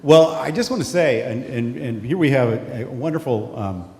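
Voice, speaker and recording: A man's voice: mid-range voice, lively intonation, moderate pace, dark tone. A man speaking on stage at a live conversation, wry and self-deprecating, rambling with frequent laughs. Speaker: author on a panel. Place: large hall at a live event. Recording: echoey hall with faint noise.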